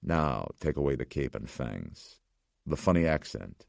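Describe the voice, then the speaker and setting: A somber old survivor speaks in a measured, ominous tone, voiced by a man. The voice sits extremely low with a gravelly rasp. It is dry and close to the mic. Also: sing-song, a little mellow, no echo, exaggerated voice.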